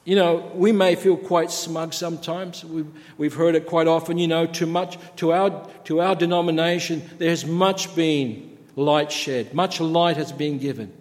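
A man preaches a sermon in a high-pitched, steady voice at a slightly slow pace, stacking repeated phrases as his intensity builds. He's earnest and insistent. A long hall reverb surrounds him, like a church sanctuary.

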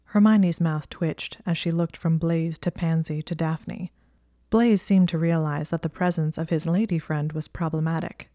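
A woman reading a fan fiction story aloud as an audiobook, in calm, measured narration. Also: sits low, no echo, studio quality. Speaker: audiobook reader.

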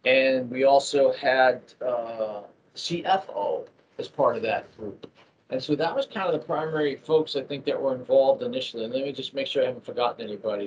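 A man from Massachusetts, a project manager, talking through a casual business interview with many fillers and restarts. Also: medium pitch. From Massachusetts, near Boston. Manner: rambling, with frequent fillers and restarts. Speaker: ERP project manager at a manufacturer. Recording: dull lo-fi audio with faint noise.

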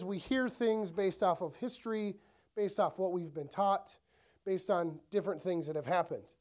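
A man preaching from the pulpit in a relaxed, chatty way. He keeps checking in with the congregation through rhetorical questions and slips into quick acted voices for the thoughts he describes. The sound is of a church sermon. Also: high-pitched. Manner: conversational, asks the room rhetorical questions; acts out inner thoughts in quoted voices. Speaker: pastor.

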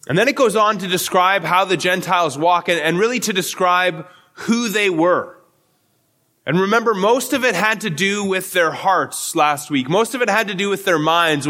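A man's voice: sits high, sharp tone. A male pastor giving an earnest expository sermon, often repeating words as he restarts his phrases.

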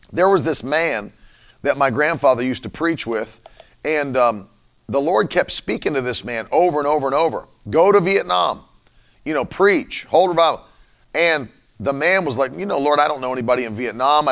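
Preacher guy, gravelly and kinda high, keeps repeating stuff louder and louder. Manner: fervent, repeating lines with rising emphasis. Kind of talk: livestreamed sermon.

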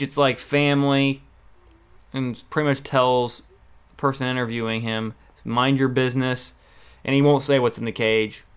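Opinionated man recapping wrestling, smooth voice. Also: mid-range voice. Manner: opinionated, exasperated asides. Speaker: wrestling show reviewer. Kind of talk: casual recap commentary.

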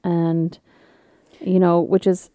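Animated swearing woman, chatty co-host. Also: fairly low pitch, slow, no room sound. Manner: swearing, laughing, animated storytelling with voices. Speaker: podcast co-host. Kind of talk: casual chat.

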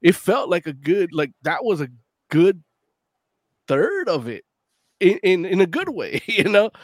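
A man in his late thirties with a fairly high voice, talking casually on a podcast. He swears a lot, laughs between thoughts and gets heated in animated bursts. The sound is dry and close. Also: unhurried, dry recording. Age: late 30s. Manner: profane, animated, laughs often. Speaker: podcast co-host. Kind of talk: casual chat.

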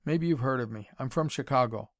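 A man doing a rumbling gangster boss. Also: brisk, no echo, studio quality, natural voice. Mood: blunt. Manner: rumbling, blunt and threatening. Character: menacing male Chicago gang boss.

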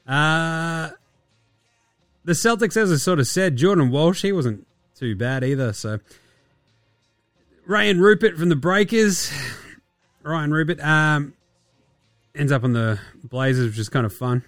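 A man with an Australian accent hosting a casual basketball podcast, sarcastic and profane, often mimicking players in quick asides. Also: on the high side, expressive, fairly bright tone, dry recording, clean studio sound, soft background music. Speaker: podcast host.

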